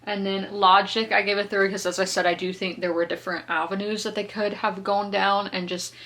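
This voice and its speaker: A woman's voice: medium pitch, flat delivery, a little fast, a bit bright. A woman, chatting casually through a book review, laughing often and correcting herself as she goes. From South Carolina, US. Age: 20s. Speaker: book vlogger.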